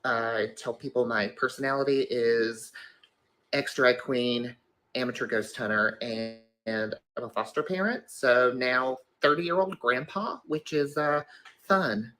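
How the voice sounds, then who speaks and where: A man sums himself up in a short clip with dry, wry understatement. He speaks at an ordinary pitch for a man, unhurried and plain. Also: a bit bright.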